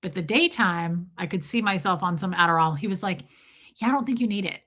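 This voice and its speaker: A woman talks casually to her livestream chat with a bright, sharp-edged voice. She tells a story in a self-mocking way and acts out each side of a conversation as she goes. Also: on the low side, a little fast. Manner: chatty, self-mocking, acts out quoted dialogue. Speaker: streamer.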